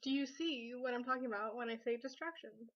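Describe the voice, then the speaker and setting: A woman's voice: fairly high pitch, fairly quick, highs cut off. A young woman from Southern California chatting to camera in her bedroom, rambling with many fillers. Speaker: vlogger. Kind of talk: casual chat to camera. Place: bedroom at home.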